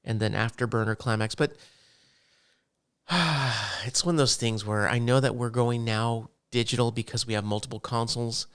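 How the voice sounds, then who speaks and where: A man's voice: medium pitch, normal speed, smooth. A middle-aged man co-hosting a gaming podcast in casual, rambling chat. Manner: rambling, relaxed, self-correcting. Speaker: podcast co-host.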